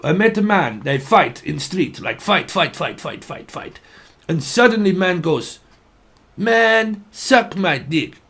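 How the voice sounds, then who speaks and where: A man putting on a mock Russian accent to voice an excitable, confused foreign man who speaks halting broken English. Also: high voice, breathy edge, voice pushed up, full character voice. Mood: bewildered.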